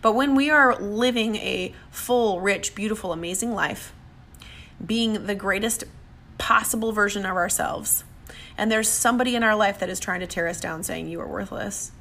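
A woman's voice: medium pitch, moderate pace, a bit bright. A woman giving an emphatic motivational talk, sometimes acting out what other people say. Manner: emphatic, acts out quoted voices. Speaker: motivational speaker.

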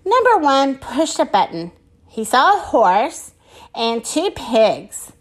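A woman reading a children's storybook aloud in a high, lively voice. She takes it slowly and expressively, with wide swings in tone. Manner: expressive and slow. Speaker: storybook reader.

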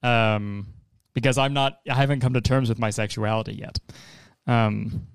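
A man's voice: mid-range voice, fairly even intonation, moderate pace, clear, resonant tone, no room sound. Rambling young man reacting to trailers. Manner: rambling, joking, swears. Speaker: host. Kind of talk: casual trailer reaction vlog.

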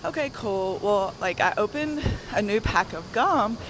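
A soft-spoken woman with a Southern accent telling a story while walking on a gym treadmill. She is out of breath and laughs between sentences. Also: mid-range voice, expressive, measured pace. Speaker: guest. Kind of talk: casual storytelling. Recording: loud gym noise behind.

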